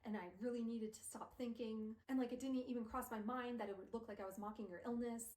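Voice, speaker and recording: A woman's voice: a little high, steady tone, quick pace, a little mellow, close to an everyday voice. A woman reading as a panicked, guilt-ridden young man. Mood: pleading. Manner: loosely paraphrased dialogue with fillers. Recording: roomy sound from a distant mic.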